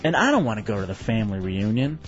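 A man's voice: on the low side, very animated, quick pace, highs cut off, faint music behind. A man hosting a radio show in casual banter, telling stories with self-mocking asides.

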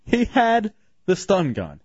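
A man's voice: high-pitched, huge pitch swings, slow pace, darkish tone, breathy edge, no room sound. A man hosting a radio show, teasing and barking orders at his crew, on a dull lo-fi broadcast. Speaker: radio host.

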